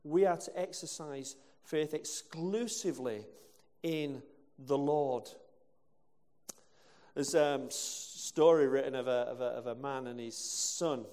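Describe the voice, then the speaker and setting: A man's voice: medium pitch, a little slow, darkish tone. A male preacher from England giving a conversational sermon with rhetorical questions and asides. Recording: long hall reverb.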